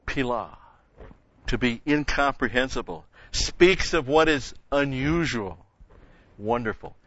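A man's voice: mid-range voice, animated, slow pace, fairly bright tone, no echo. Man teaching a sermon, dry dull recording. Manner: explains verses step by step, rising in emphasis on key words. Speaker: Bible teacher. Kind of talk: expository sermon.

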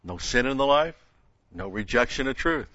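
A man's voice: medium pitch, lively intonation, moderate pace, pushed and bright. A man delivering an expository sermon as a Bible teacher, stressing points by repeating key words. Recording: dull, dry lo-fi recording.

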